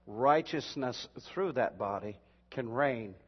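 A pastor preaching a sermon and reading scripture, emphatic and building to shouts, with slow, drawn-out reading of the verses. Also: male voice, mid-range voice, animated, breathy edge. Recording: dull lo-fi sound in a reverberant hall.

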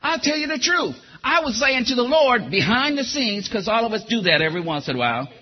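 A man's voice: very high-pitched, very animated, brisk, husky, dull audio. A man preaching a sermon and giving a testimony, calling listeners by name and asking them questions.

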